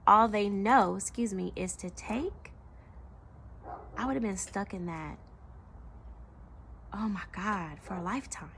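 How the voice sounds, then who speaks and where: Young woman vlogging about her life, slow and emotional, bit of vocal fry, faint hiss behind. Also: medium pitch. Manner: slow, reflective and emotional, with soft pauses. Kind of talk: personal confessional vlog.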